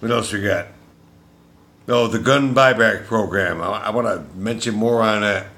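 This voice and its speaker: A man delivering an angry, profane political rant as a vlogger, shouting at times. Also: lowish voice, normal speed.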